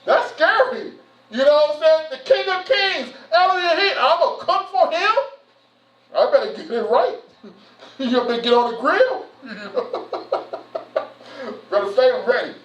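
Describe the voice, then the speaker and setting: Man, high-pitched voice, folksy church talk, distant mic, roomy dull sound. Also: a little hiss or hum. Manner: folksy, repetitive, frequent "you know" and "man". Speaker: church elder. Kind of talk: informal church address. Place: church hall.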